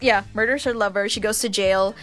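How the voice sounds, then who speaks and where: A woman's voice: mid-range voice, fairly even intonation, brisk, a bit bright, soft background music. A woman co-hosting a radio show in casual chat, giggling and filling her talk with "like" and "um". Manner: chatty, giggly, lots of fillers.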